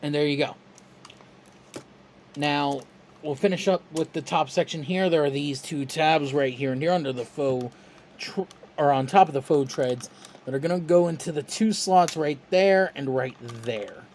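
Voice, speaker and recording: A toy reviewer talking through a step-by-step tutorial in a relaxed, chatty, self-deprecating way. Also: medium pitch, moderate pace, a little hiss or hum.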